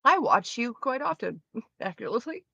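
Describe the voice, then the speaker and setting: A woman's voice: on the high side, big pitch swings, normal speed, creaky, pushed and bright, dry recording. Woman streamer, sarcastic, profane, coughing, dry dull lo-fi sound. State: coughing from smoking. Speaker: live streamer. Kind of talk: casual chat while gaming.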